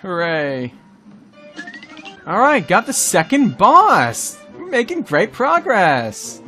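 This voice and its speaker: Brief: excitable male gamer host, high pitched, bright, yelps at the game. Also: slow, soft background music. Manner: talks to himself and the enemies. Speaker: gaming YouTuber. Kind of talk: excited gameplay commentary.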